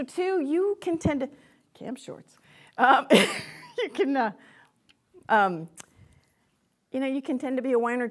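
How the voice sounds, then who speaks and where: A woman with a voice on the high side lectures a live audience as a psychic medium. Chatty and animated, she speaks directly to her listeners and often breaks into laughter.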